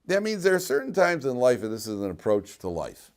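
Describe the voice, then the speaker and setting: A man giving a lively Torah lecture as a rabbi, acting out the people in his stories with big swings in voice and many "you know" fillers. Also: brisk, few pauses. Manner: animated storyteller acting out characters with sharp jumps in pitch and loudness. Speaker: rabbi teaching a weekly Torah class.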